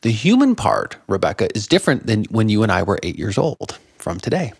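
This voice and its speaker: A man in his fifties, a guest in an interview, telling animated stories about meditation and laughing often. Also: fairly low pitch, brisk, gravelly, husky, no room sound, clean studio sound. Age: 50s. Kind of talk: conversational interview.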